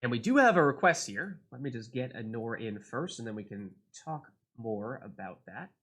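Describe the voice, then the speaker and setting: A man's voice: mid-range voice, sing-song, normal speed, fairly bright tone, faint music behind. A man hosting a community game livestream, casting matches and chatting with players in an upbeat, friendly way. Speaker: stream host and caster. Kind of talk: casual livestream commentary.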